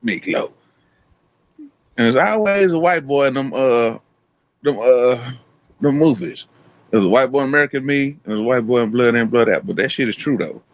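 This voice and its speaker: A man's voice: medium pitch, moderate pace, long pauses. A man co-hosting a live podcast, telling stories in casual, profane chat and acting out his own quotes. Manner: profane, animated storytelling with voiced quotes. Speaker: podcast co-host. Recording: dull lo-fi sound.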